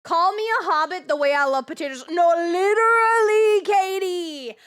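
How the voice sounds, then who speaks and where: Young woman streamer, very high voice, rambling, excitable and swearing casually. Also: moderate pace. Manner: rambling, excitable, swears freely, repeats herself. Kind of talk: casual live-stream chat.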